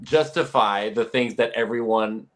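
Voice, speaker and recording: A man's voice: fairly low pitch, measured pace. Hesitant man in podcast chat. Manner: hesitant, filler-heavy, laughs between phrases. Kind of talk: casual live podcast chat.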